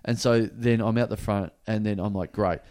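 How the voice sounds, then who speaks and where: A man's voice: fairly low pitch, moderate pace, clean tone. Man telling a rambling comic story. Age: adult, father of a young child. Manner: animated, swears freely, acts out the people in his story. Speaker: podcast co-host. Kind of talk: casual comedic storytelling.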